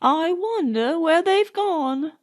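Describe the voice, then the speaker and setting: A woman's voice: very high-pitched, animated, slow, pitched above the performer's own voice, heavily acted. A woman doing a doting old British nanny. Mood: wondering.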